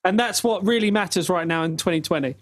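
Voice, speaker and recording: A high-voiced man chatting and laughing through a podcast. Talks in a loose, rambling way, stumbling over his own explanations, with a bright, lifted pitch for a man. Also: fast talker. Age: 30s. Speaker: podcast host. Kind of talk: casual chat.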